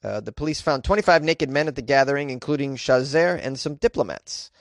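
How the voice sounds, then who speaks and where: A man giving comedic news commentary in a sarcastic, animated way, laughing at the stories he reads. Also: medium pitch, brisk, dry recording, clean studio sound. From United States.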